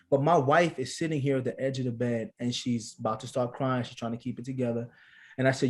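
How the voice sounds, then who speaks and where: A man who is an actor and father, telling a personal story casually as a podcast guest, with lively delivery and casual slang. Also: medium pitch, fast.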